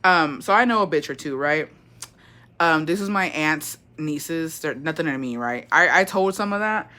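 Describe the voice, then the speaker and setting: Woman, 20s, bright voice, swears a lot, gossipy storytime livestream host. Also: deep voice, normal speed. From Mexico. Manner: chatty, profane, gossipy, reads chat aloud.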